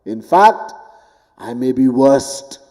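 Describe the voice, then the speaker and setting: A man gives a devotional lecture at an unhurried, deliberate pace, his voice mellow and slightly raised in pitch. He moves between emphatic peaks and hushed lines and chants Sanskrit verses. The long reverb of a temple hall hangs behind him. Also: expressive. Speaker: spiritual teacher.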